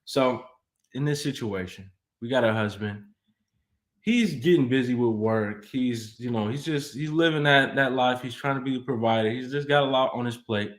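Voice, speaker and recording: A man's voice: mid-range voice, normal speed. A man co-hosting a live relationship advice show, laying out a listener's situation in a loose, casual way with lots of fillers. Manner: relaxed, loose, filler-heavy phrasing. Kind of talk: casual live-stream chat.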